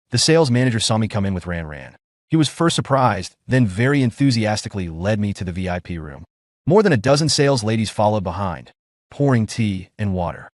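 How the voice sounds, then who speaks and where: A man's voice: on the low side, no room sound, studio quality. A man narrating a first-person revenge story in a smug, scripted reading.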